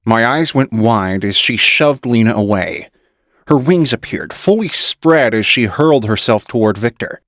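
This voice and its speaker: A man reading an audiobook in measured first-person narration. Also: mid-range voice, animated, fairly bright tone, no echo, studio quality.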